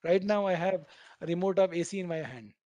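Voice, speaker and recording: An Indian programming instructor runs a live online coding class in a fairly high, brisk, darkish voice. He explains every idea through everyday analogies and keeps asking "right?" to check that students are following. The audio is close, dry and dull, with no echo or room sound.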